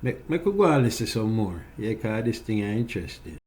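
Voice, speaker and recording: Low, dark-voiced Jamaican man. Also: very animated, brisk. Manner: keeps asking "feel me?", patois-heavy and conversational. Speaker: vlogger host commenting on clips. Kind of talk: casual commentary.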